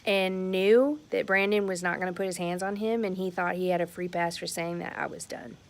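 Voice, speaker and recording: A woman's voice: lowish voice, steady tone, fairly quick. A woman in her thirties talks candidly and emphatically to the camera at home about a family incident. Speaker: vlogger, mother. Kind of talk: casual talk to camera. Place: at home, near a porch.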